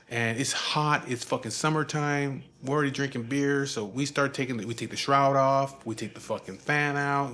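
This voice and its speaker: A man's voice: medium pitch, fairly bright tone. Casual, swearing storyteller man. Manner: profane, laid-back, amused.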